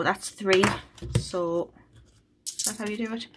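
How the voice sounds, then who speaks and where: A woman's voice: medium pitch, fairly even intonation, slow pace, a little hiss or hum. A woman chatting casually on a budgeting vlog, thinking aloud as she counts money. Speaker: budgeting vlogger. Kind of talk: casual chat while cash stuffing.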